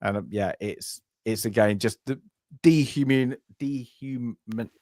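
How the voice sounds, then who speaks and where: A man's voice: mid-range voice, unhurried, darkish tone, dry recording. Guy rambling about a war movie, acts out the lines, dry close mic. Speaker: podcast co-host. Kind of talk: casual film review chat. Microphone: home podcast mic on a live stream.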